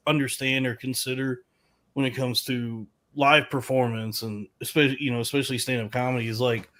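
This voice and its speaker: A man's voice: medium pitch, steady tone, fairly quick, fairly bright tone. A man co-hosting a podcast, explaining at length in casual chat. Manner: long-winded, explaining. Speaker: podcast co-host.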